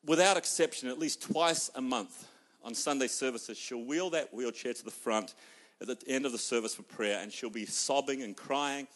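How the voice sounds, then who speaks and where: A male pastor preaching a sermon, telling stories and acting out people's voices, swinging between loud outbursts and hushed moments. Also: mid-range voice.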